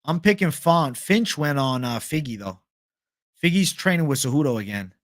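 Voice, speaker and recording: A man's voice: a little high, lively intonation, normal speed, no echo, studio quality. A young man hosting a casual livestream, reading viewer questions aloud in a laid-back, profane bro manner. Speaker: livestream host.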